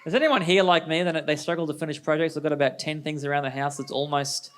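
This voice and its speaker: Lively pastor preaching. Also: male voice, fairly high pitch, fast. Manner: energetic, conversational preaching with rhetorical questions. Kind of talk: sermon.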